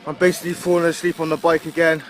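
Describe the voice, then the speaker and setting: A man's voice: fairly high pitch, flat delivery, racing, a little hiss or hum. A man from England with a Gloucestershire accent, rambling in a casual video diary while riding his bike outdoors, full of fillers. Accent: Gloucestershire English. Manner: rambling, chatty, with frequent fillers and laughs. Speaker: touring cyclist vlogger. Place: outdoors on a roadside while cycling.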